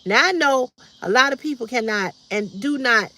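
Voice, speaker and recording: A woman's voice: high-pitched, animated, normal speed, bright, forceful tone. A woman, hosting a casual livestream, answering comments bluntly and directly with preachy repetition. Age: 50s. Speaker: livestream host.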